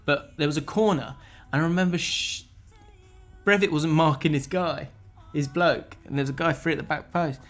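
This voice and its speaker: A man's voice: on the high side, normal speed. A man hosting a casual football podcast, rambling through stories and laughing as he tells them. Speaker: podcast host.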